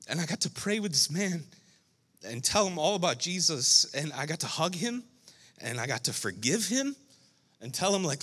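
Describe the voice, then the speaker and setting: A man who is a pastor, telling a story during a sermon with animated, emotional delivery. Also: mid-range voice, fairly quick, big-room sound.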